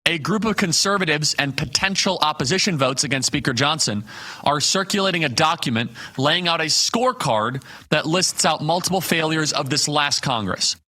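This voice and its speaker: A man's voice: on the high side, bright, forceful tone. A man hosting a live political talk show, delivering emphatic commentary built on rhetorical questions and punchy lists.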